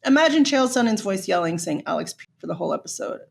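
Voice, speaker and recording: Chatty young woman with vocal fry. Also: mid-range voice, big pitch swings, fast. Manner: chatty, gossipy, swears freely. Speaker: podcast host. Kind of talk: casual podcast monologue.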